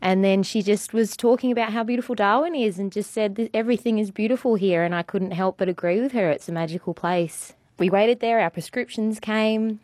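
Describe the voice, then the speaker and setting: A woman's voice: mid-range voice, dry recording. A woman telling a personal story on a radio show, rambling with lots of ums and you-knows. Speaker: radio contributor.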